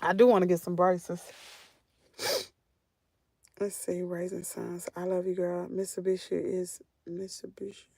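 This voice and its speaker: A woman's voice: lowish voice, completely flat delivery, unhurried, gravelly, long pauses, dark tone, no echo, clean studio sound. A woman with a Southern American accent, chatting casually with her livestream viewers from a parked vehicle, reading comments and laughing often. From Southern United States. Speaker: channel host.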